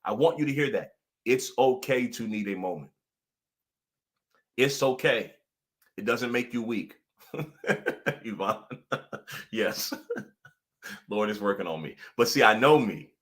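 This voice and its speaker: A man talks straight to his live viewers like a pastor and coach, with a bright, forceful tone. He is animated and laughs often, and he says his key lines twice to drive them home. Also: lowish voice, takes it slowly, long pauses. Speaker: pastor and life coach hosting a weekly livestream. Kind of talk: casual livestream motivational talk.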